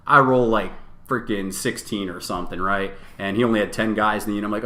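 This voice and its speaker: A man's voice: fairly low pitch, fast. Man telling a heated gaming story. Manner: animated, profane storytelling with quoted back-and-forth. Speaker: podcast co-host. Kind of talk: casual storytelling chat. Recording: roomy echo.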